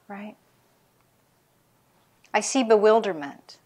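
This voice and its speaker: A woman's voice: medium pitch, measured pace, pauses often. A middle-aged woman physician giving a public lecture on caregiving, speaking frankly and telling personal stories. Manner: candid, anecdotal, speaks frankly about caregivers' feelings. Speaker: palliative care physician.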